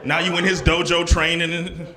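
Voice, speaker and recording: A male stand-up comedian telling an animated story while laughing along. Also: fairly high pitch, moderate pace, crowd noise. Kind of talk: stand-up set.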